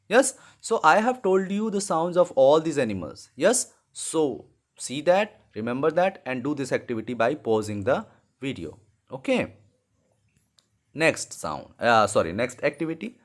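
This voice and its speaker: Using big pitch swings in a mid-range voice, a male English teacher goes a little slowly through animal sounds for young kids. It's a slow lesson, and he patiently repeats key words.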